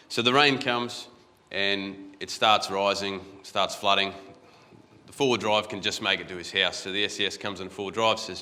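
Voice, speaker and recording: A man's voice: deep voice, moderate pace, pushed and bright. A man with an Australian accent giving a casual, anecdotal conference talk from a stage, often restarting his phrases. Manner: conversational, anecdotal, repeats words when restarting. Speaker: conference guest speaker. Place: large conference hall. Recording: echoey conference hall.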